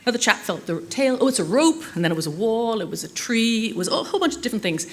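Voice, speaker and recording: Woman, middle-aged, brisk conference speaker, anecdotal and self-mocking. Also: on the high side, lively intonation, a bit bright. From Ireland. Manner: chatty, anecdotal, self-deprecating humor. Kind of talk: conference talk. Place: conference hall.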